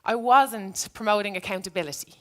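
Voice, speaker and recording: A woman's voice: medium pitch, fairly quick, a bit bright. A woman who used to be a teacher, giving a reflective talk to an audience and telling a story from her classroom. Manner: earnest, reflective. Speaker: speaker, former teacher.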